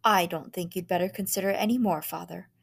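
A woman's voice: fairly low pitch, quick pace, creaky, husky. A woman voicing a sulky spoiled boy in a storybook reading, curt and defiant.

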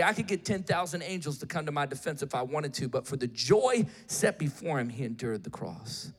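A male preacher giving an impassioned sermon, swinging between shouted appeals and hushed storytelling. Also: high voice, animated, normal speed, hardly any pauses, in a large hall.

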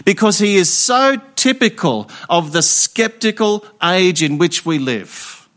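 A man delivers an Easter Sunday sermon in a high, bright-toned voice. He preaches emphatically, leaning on pauses and rhetorical questions to draw in his listeners. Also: lively intonation.

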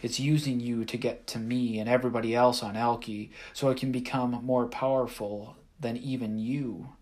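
A man's voice: medium pitch, steady tone, normal speed, darkish tone, natural voice. A man doing a scared but determined boy. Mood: urgent.

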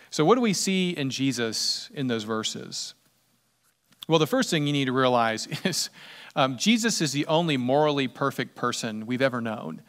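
A middle-aged man preaching a sermon as pastor, animated and acting out quoted voices with sudden loud jumps. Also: mid-range voice, moderate pace.

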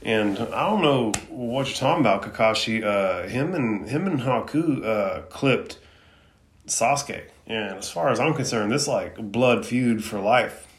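A man's voice: mid-range voice, lively intonation, measured pace. A man recapping an anime episode in a casual, slangy way, with fillers and opinions. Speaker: anime reviewer.

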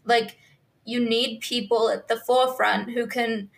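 A woman's voice: on the high side, steady tone, measured pace, vocal fry. A young woman co-hosting a podcast in casual chat, blunt, swearing and backing her friend up. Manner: blunt, frequent agreeing backchannels, swearing. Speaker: podcast co-host.

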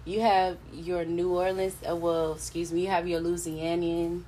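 A woman's voice: lowish voice, little pitch movement, normal speed, warm tone, a little hiss or hum, rough recording. A woman co-hosting a casual podcast chat, loose and playful, swearing freely and stringing fillers together. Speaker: podcast co-host.

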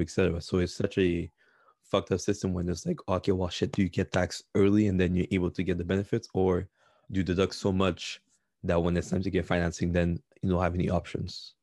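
A young man co-hosting a relaxed podcast, trading jokes and rambling stories. His voice sits very low. The sound is dry and close, with no room around it. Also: quick pace, no echo. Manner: joking, rambling storyteller. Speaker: podcast co-host. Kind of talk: casual chat.

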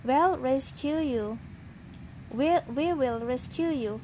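A woman voicing a brave, booming old male army colonel dog in a storybook, speaking in a commanding way. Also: takes it slowly, dark tone, slight background noise. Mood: rallying.

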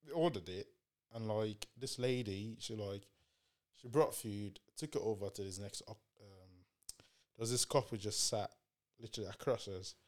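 A man from the UK, co-hosting a podcast, retelling a trip in slangy, animated casual chat. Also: fairly low pitch, normal speed. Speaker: podcast co-host.

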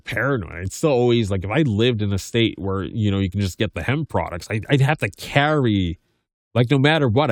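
Reading the news on his podcast, a man in his thirties with a fairly low voice keeps breaking off into casual, rambling remarks, stammering, restarting and saying "like" constantly. The sound is clean studio quality without any room sound.

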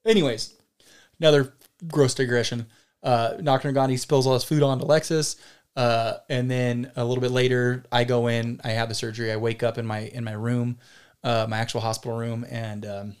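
A man's voice: mid-range voice, little pitch movement, brisk, clear, resonant tone. A man co-hosting a podcast, telling a long story in casual chat, rambling and digressive, with some swearing. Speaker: podcast co-host.

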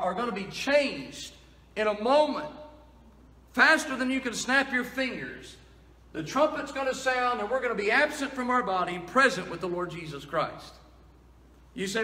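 A man's voice: high-pitched, bright, forceful tone, roomy sound, big-room sound. A male pastor preaching a sermon in a plain-spoken, folksy storytelling manner.

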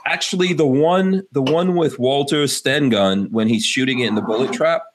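A man's voice: medium pitch, moderate pace. A man hosting a casual podcast chat, rambling loosely and laughing often. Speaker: podcast host.

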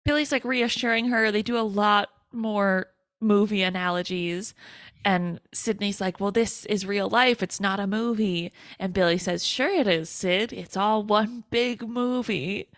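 A woman with a medium-pitched voice co-hosts a podcast in easygoing chat. She takes her time retelling the plot and laughs often along the way. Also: a little slow, fairly bright tone. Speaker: podcast co-host. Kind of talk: casual chat.

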